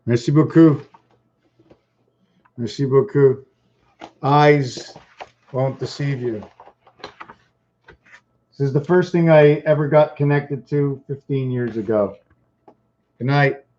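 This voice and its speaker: In a dull lo-fi recording with slight hiss or hum, a channel host who is losing his voice speaks slowly with long pauses, his medium-pitched voice a little mellow. He rambles casually, distracted and thinking aloud, repeating himself as he clicks around.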